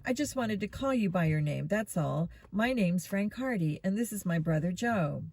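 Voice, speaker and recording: A woman's voice: mid-range voice, expressive, normal speed, a little mellow. A woman voicing a level-headed teenage boy detective who explains things patiently, in a storybook reading. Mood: calm.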